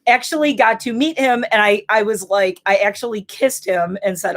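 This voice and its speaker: A woman in her forties chatting casually to camera, telling rambling stories with animated, exclamatory bursts. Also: mid-range voice, normal speed, hardly any pauses. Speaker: vlogger.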